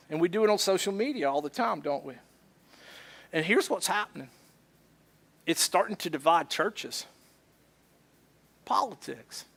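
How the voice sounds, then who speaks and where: Animated high-voiced male pastor. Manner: animated, acts out both sides of arguments. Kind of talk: sermon. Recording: church service.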